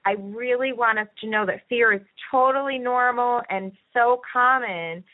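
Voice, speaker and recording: A woman's voice: a little high, moderate pace. A woman podcast host talking at length in an earnest, encouraging way. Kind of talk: conversational podcast discussion. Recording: tinny phone-line audio.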